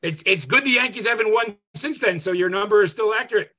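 Guy rabbi teaching a zoom class, high bright voice, lively and chatty. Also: fast talker. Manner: lively, conversational, tag questions like "right?". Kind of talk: interactive Zoom lecture. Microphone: video call.

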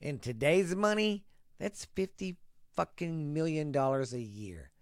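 A man's voice: a little high, expressive, a little slow, dry recording, clean studio sound. A man hosting a casual solo podcast, talking in a loose, profane, rambling way and slipping into a mock tough-guy ad voice. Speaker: podcast host.

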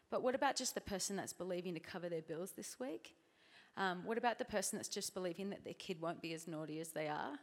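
A woman's voice: on the low side, fast talker, long reverb tail. An Australian woman in her thirties giving a chatty, self-deprecating church talk at a conference, full of filler words. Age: 30s. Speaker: conference speaker.

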